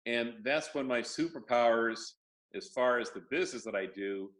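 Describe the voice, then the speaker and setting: An older man, a guest in a casual interview, telling stories with dry jokes and halting restarts. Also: mid-range voice, fairly bright tone. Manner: wry, joking storyteller, halting restarts. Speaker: guest, property lender.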